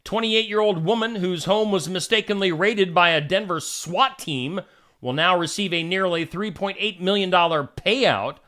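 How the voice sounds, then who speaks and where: A man's voice: high-pitched, moderate pace, sharp tone. A male host reading odd news stories aloud and adding wry asides between them.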